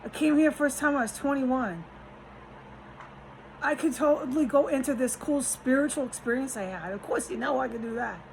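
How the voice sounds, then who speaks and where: Agitated and profane, a woman rambles in a vlog shot in a rented room, frequently swearing and abandoning then restarting her sentences. Her voice sits high and creaky at a moderate pace. The audio is poor, with a slight hiss or hum.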